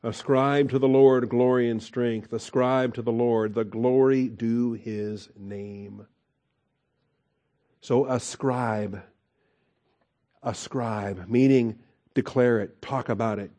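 A man's voice: medium pitch, steady tone, takes it slowly, warm tone. A male pastor preaching a sermon in a conversational way, with fillers and rhetorical questions.

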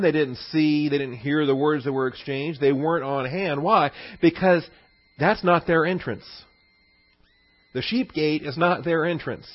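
A man's voice: fairly high pitch, measured pace. Man teaching a conversational sermon. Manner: conversational, digressive teaching with anecdotes and chuckles. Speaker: pastor. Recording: slightly dull lo-fi sermon recording.

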